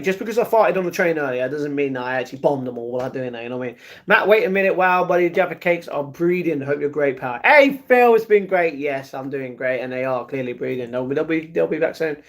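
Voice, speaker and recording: Guy on a home stream, reads chat out and answers it, voice sits a bit high. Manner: reads viewer chat aloud and answers it directly. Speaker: livestream host. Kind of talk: casual livestream chat.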